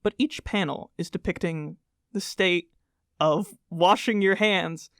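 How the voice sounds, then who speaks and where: A man's voice: high voice, a little slow, gravelly, fairly bright tone, no room sound, clean studio sound. A young man hosting a comedy podcast about the paranormal, joking and hamming things up in a mock-dramatic way. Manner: jokey, theatrical, mock-dramatic. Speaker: podcast host.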